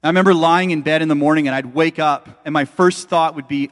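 The middle-aged man preaching this sermon speaks a little high and a little fast, in a steady tone with hardly any pauses. Conversational and emphatic, he addresses his listeners head-on, and a long hall reverb colors the audio.

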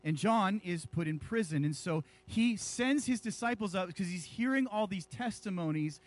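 High-voiced pastor preaching with energy. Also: male voice, moderate pace. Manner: animated preaching, jokes with the congregation. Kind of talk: sermon.

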